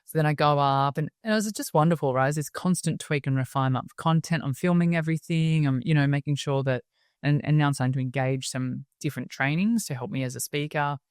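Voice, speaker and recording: An Australian woman, a guest in an interview, telling her story in a lively way and acting out the voices of people she quotes. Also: low-pitched, fast, no echo, clean studio sound. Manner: lively storyteller who acts out quoted voices and laughs often. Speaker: interview guest, wellbeing speaker.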